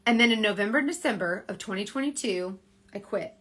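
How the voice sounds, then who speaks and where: Bright chatty woman. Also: medium pitch, lively intonation, quick pace, husky. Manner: chatty and rambling, full of "like" and self-corrections. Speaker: direct sales team leader. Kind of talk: casual motivational livestream talk. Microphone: phone on a social media livestream.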